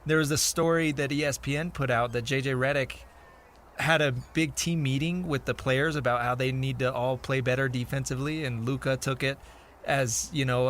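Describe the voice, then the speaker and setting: A man's voice: medium pitch, steady tone, normal speed, fairly bright tone, slight background noise. A man filling in as a sports radio co-host, chatting in an easygoing, dryly sarcastic way. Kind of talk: casual sports talk.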